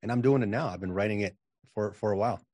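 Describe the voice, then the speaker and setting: A man's voice: on the low side, quick pace, darkish tone, dry recording, studio quality. A man talking as a guest in a casual interview, self-assured and emphatic, often repeating words as he starts a sentence. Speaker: podcast guest, channeling coach.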